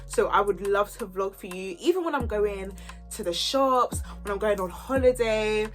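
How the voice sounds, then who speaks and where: A woman, telling a story in an animated, chatty, slangy way. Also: medium pitch, normal speed, faint music behind. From Kent, England. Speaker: YouTuber. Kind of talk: storytime vlog chat.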